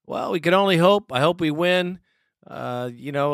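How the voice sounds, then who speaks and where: A laid-back male host with a slightly high voice takes callers on a fan talk show. The studio sound is dry and close. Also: moderate pace, dry recording. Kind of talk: casual radio talk.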